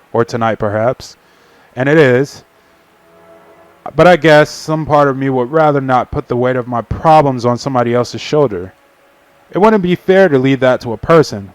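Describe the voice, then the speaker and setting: A man's voice: medium pitch, dry recording. A young man casually reading a visual novel aloud on a stream, with profane asides. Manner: casual, swearing, laughing asides.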